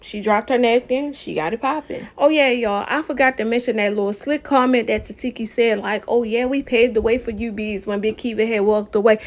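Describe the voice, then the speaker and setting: A woman recaps a reality show in casual talk, animated and opinionated as she speaks straight to her viewers. Her voice sits fairly high. The recording sounds dull and lo-fi. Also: brisk, few pauses.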